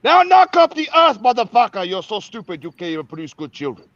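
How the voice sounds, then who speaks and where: A man's voice: high voice, big pitch swings, a little fast, a bit bright, no echo, dull audio, voice pushed up. A man voicing a harsh male drill sergeant with a heavy accent, barking insults at a recruit.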